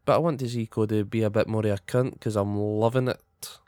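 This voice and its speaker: A man's voice: lowish voice, fairly even intonation, a little fast, a little mellow, no echo, studio quality. A young Scottish man in casual, blunt, sweary podcast chat giving his opinions as co-host.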